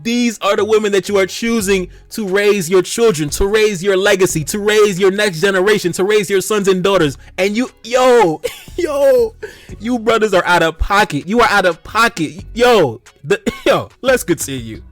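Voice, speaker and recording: A man's voice: high voice, moderate pace, dry recording, soft background music. A man hosting a reaction video who preaches to his audience, laughing often and repeating exclamations. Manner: preachy, addresses "brothers" directly. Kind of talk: commentary on social media posts.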